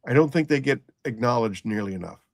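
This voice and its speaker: A middle-aged man, a nurse and former paramedic, telling a blunt story in casual conversation, halting and full of restarts. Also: mid-range voice, lively intonation, no echo, studio quality.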